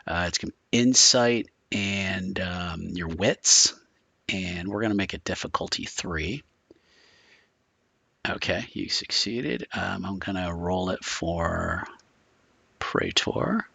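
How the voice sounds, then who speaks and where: A man's voice: sits low, takes it slowly, creaky, pushed and bright, slightly rough, no room sound. A man running a tabletop role-playing game as game master, talking in a loose, chatty way and laughing along with his players.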